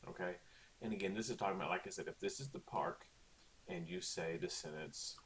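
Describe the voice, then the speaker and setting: Deep-voiced man teaching an online lesson. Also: brisk, a bit bright, slight background noise. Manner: casual, chatty, lots of okays and ums. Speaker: Spanish teacher.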